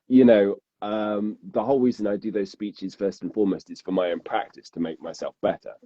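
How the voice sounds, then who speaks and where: A man's voice: lowish voice, steady tone, moderate pace, dark tone, dry recording, highs cut off. A man, a narrator and podcast guest, talking casually and rambling, restarting sentences and laughing often.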